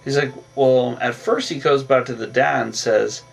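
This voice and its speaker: A man with a gravelly, creaky voice rambles through a casual plot recap, full of fillers and restarts. He sits back from the mic, and faint music plays underneath. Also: mid-range voice, fairly even intonation, normal speed, far from the mic. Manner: rambling, filler-heavy retelling with repeated "on that".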